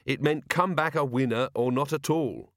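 Give me a man playing a calm young woman guard, flat and matter-of-fact. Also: mid-range voice, normal speed, dry recording, clean studio sound, pitched above the performer's own voice, close to an everyday voice. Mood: dry.

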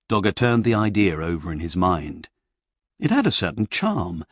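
A man narrating a comic fantasy novel in a wry, measured storytelling manner, recorded close on a studio mic. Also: sits low, wildly swooping pitch, dry recording. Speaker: audiobook narrator. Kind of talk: expressive novel reading.

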